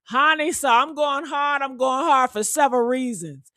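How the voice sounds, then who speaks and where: A woman hosting a reaction channel, talking in a heated, brash and profane way, calling her listeners honey and letting out loud whoops. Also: high-pitched, normal speed, dry recording, studio quality. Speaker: commentary channel host.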